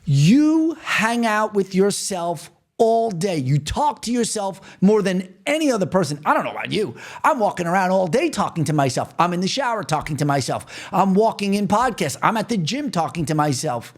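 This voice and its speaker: A man's voice: high voice, big pitch swings, normal speed, few pauses. A man from New York hosting a podcast, talking earnestly and repetitively straight to the listener in a motivational monologue. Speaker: podcast host.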